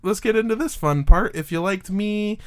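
Podcast host, male, slightly high, smooth voice, loose rambling delivery. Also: normal speed. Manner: rambling with fillers, jokey. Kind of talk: casual chat, telling a story.

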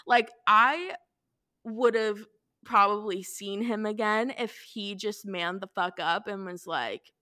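Bright-voiced young woman telling a story. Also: medium pitch, slow pace. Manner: animated storytelling, frequent swearing. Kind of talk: casual chat.

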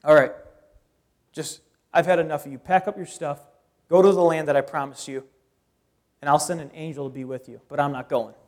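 A man's voice: on the high side, fairly even intonation, a little fast, long pauses, pitched below the performer's own voice, natural voice. A man voicing God as weary and fed up, in a curt, exasperated tone.

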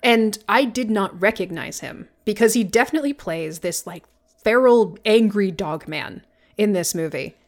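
A woman co-hosting a casual movie review podcast, talking in an animated way, quoting lines and laughing often. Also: mid-range voice, normal speed. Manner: animated, quotes characters in put-on voices, laughs often. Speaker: podcast co-host.

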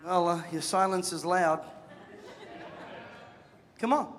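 A man's voice: high voice, slow. A man preaching a sermon, telling stories and acting out the voices of people in them. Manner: animated storytelling, acts out voices, jokes with the crowd. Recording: long reverb of a large hall.

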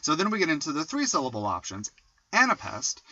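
A man co-hosting a podcast, explaining casually and chanting rhythms out loud as he thinks. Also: fairly high pitch, huge pitch swings, brisk, dry recording. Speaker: podcast co-host. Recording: dull lo-fi sound.

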